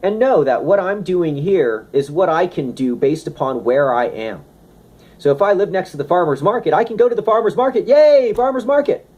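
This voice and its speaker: A man giving a casual, animated talk on health and wellness, slipping into playful asides. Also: on the high side, moderate pace, slightly rough. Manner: animated, conversational, slips into playful impressions. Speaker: wellness speaker.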